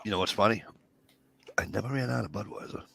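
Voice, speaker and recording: Middle-aged man, rambling profane storyteller, low gravelly voice. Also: fast talker, fairly bright tone, a little hiss or hum. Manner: rambling, profane, acts out dialogue. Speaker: podcast co-host. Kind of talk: casual storytelling chat.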